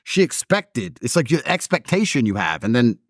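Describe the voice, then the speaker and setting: A man's voice: medium pitch, sing-song, moderate pace, dry recording, clean studio sound. A man in a casual conversation, telling stories in a blunt, emphatic way.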